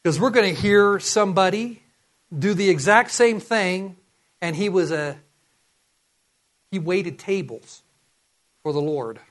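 A man's voice: sits high, slow, pauses often. A man preaching a sermon, reading scripture and earnestly urging his listeners.

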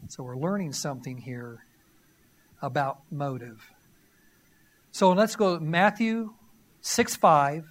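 This pastor's voice sits a little high, and he takes his time, pausing often. He preaches conversationally, reading scripture and putting questions to the audience in a teasing, emphatic way.

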